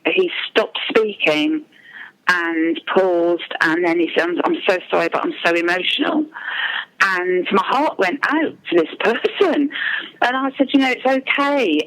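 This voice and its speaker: A woman's voice: on the low side, fairly bright tone, rough recording. A mother speaking as an interview guest, telling her account hesitantly with frequent ums and restarts. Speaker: parent speaking anonymously as a guest.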